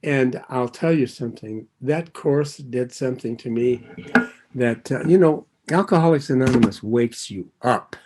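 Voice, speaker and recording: A man's voice: mid-range voice, unhurried, background noise. An older man giving an earnest personal share at a recovery meeting, drifting off his thread and circling back, with light chuckles.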